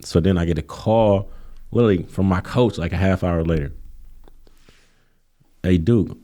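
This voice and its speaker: A man with a fairly low, dark and mellow voice tells stories in a relaxed interview. He acts out the people in his stories, jumping higher and louder for their lines. Easygoing and animated. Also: moderate pace. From Kenosha, Wisconsin. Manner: animated storytelling, acts out quotes in a raised voice. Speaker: guest, college coach. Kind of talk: casual storytelling interview.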